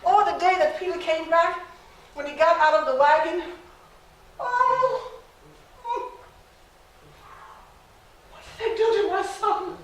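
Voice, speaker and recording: A woman's voice: very high voice, lively intonation, a little slow, a bit bright, exaggerated voice. A woman playing a devout, determined formerly enslaved mother who tells her own story in an emotional first-person stage monologue. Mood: grieving. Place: large echoey library room. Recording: echoey room from far off.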